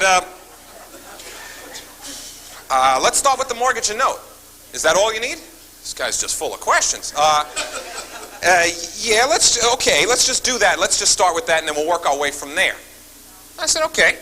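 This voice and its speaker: Bright, animated New man. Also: high-pitched, low-quality recording. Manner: animated, acts out phone calls, talks to the audience. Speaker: seminar speaker. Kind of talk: seminar storytelling.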